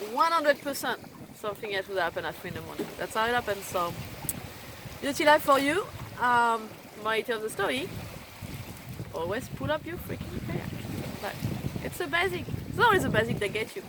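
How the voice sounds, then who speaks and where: A woman vlogger telling a casual, rambling story to camera while steering her sailing boat, swearing freely and laughing between phrases. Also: on the high side. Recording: wind noise on an open deck.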